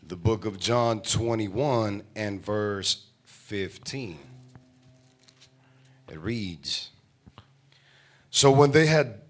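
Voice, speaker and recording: Man slowly reading scripture aloud. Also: on the low side, faint music behind. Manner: slow, halting reading aloud of old King James wording. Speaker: scripture reader in class.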